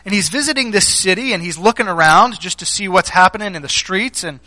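A male pastor delivers a sermon, telling stories and posing questions straight to the congregation. His voice sits high for a man and has a bright, forward ring. The sound is close and dry. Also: fairly quick, dry recording, rough recording. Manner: conversational storytelling with rhetorical questions.

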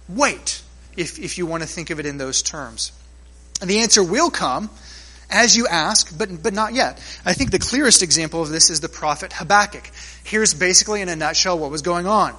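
A man's voice: high voice, sharp tone. A man preaching a sermon in a church, earnest and emphatic, with rising emphasis as he addresses the congregation. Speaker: pastor.

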